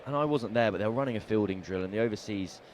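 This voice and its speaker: A man with a lowish voice co-commentates on cricket for the radio. He tells little stories and jokes around, sometimes tripping over words. A faint noise runs beneath him. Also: rapid-fire, darkish tone. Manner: playful storyteller, jokey, stumbles over names. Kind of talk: casual sports radio chat.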